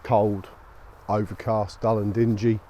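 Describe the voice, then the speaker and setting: A man's voice: fairly low pitch, flat delivery, unhurried, mellow, slight background noise. A tired man chatting casually while walking his dog outdoors, rambling and easygoing with lots of fillers, recorded on a small action camera. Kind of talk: casual walk-and-talk chat. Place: outdoors on a local street at dusk.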